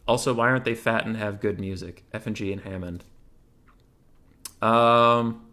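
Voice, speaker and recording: Quick, offhand quips answer each community question in this casual gaming Q&A hosted by a man. His lowish voice keeps a steady, sharp tone.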